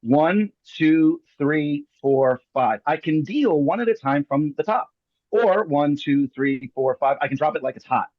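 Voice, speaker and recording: A man's voice: a little high, animated, a little slow, no echo, highs cut off. A man hosting a live magic show, performing a card trick over a video call with jokey, theatrical patter. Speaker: magician host.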